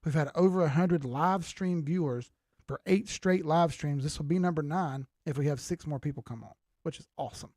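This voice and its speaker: Older dude chatting on a crypto livestream, kinda high voice, swears a lot, reads comments off the screen. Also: male voice, normal speed, a little mellow, dry recording, clean studio sound. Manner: loose, profane, chatty, reading out viewer comments. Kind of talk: casual livestream chat.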